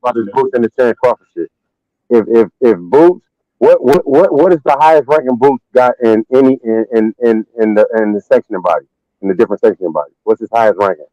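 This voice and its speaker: A man's voice: medium pitch, quick pace, no echo, muffled recording. A man on a boxing talk panel who stammers and repeats words as he presses his question in a heated casual debate. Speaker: guest panelist.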